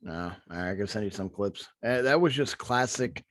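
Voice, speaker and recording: A man's voice: fairly low pitch, lively intonation, normal speed, a bit bright, no room sound. A man chatting casually as a guest, hesitant and self-deprecating, often stammering. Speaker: podcast guest. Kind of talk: casual chat.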